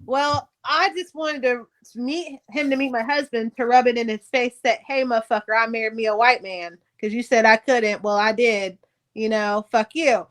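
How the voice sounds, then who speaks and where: A middle-aged woman speaks with a slightly high-pitched voice. She recounts her past in a blunt, profane, animated way and acts out each exchange. It sounds like casual talk on a podcast. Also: normal speed. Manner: candid, profane, animated retelling. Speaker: podcast guest, author. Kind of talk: casual storytelling interview.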